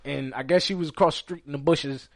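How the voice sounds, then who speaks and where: A man hosting a podcast, telling a story in a casual, profane, animated way and loudly acting out what people said. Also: fairly high pitch, fast talker, dry recording, clean studio sound. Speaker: podcast host.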